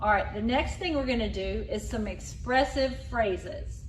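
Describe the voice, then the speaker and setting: A woman leading a group through voice exercises, coaching loud, exaggerated sounds. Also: on the high side, a little slow, a little hiss or hum. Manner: loud, exaggerated vocal demonstrations. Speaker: exercise leader. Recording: echoey room, a bit far from mic.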